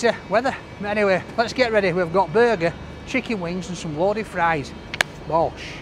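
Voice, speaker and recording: A man's voice: high voice, normal speed, noisy background. A man, chatting cheerfully and jokily to camera as a food-review vlogger on a city side street. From Leeds. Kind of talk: casual chat to camera.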